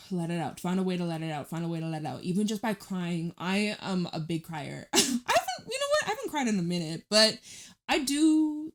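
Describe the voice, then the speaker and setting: A woman with a slightly low-pitched voice gives a casual tarot reading. She talks in a chatty, emphatic way and swears freely. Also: very animated, normal speed, very noisy. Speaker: tarot reader.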